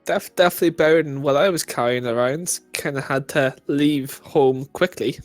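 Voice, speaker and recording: A man's voice: fairly high pitch, normal speed, faint music behind. A man playing his character in a tabletop game, asking earnest questions. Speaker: player. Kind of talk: in-character play.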